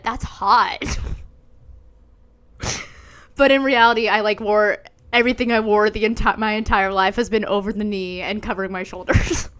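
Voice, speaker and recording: A woman's voice: fairly high pitch, fairly bright tone. A woman in her twenties chatting candidly as a podcast host, swearing freely and often breaking into giggles. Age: 20s. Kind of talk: casual chat.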